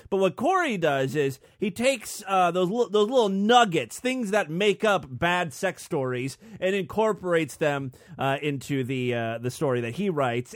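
A man's voice: a little high, dry recording, studio quality. A man hosting a podcast and reading a story in a mock-dramatic, solemn narrating voice. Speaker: podcast host.

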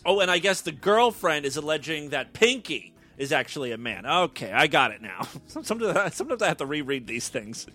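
Man, news-reading host, irreverent, jokey, stumbling over words, highish voice. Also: very animated, a little fast, few pauses, pushed and bright, faint music behind.

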